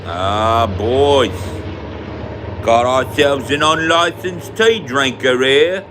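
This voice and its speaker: A man's voice: medium pitch, slow, noisy background, pitched above the performer's own voice, lightly acted. A man voicing an officious, mock-stern enforcer demanding a tea license.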